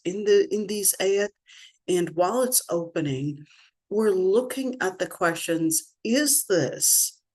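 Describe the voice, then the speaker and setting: A middle-aged woman teaching an online scripture lesson, thinking aloud as she works her screen and slowing down to stress her questions. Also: lowish voice. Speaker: religious teacher.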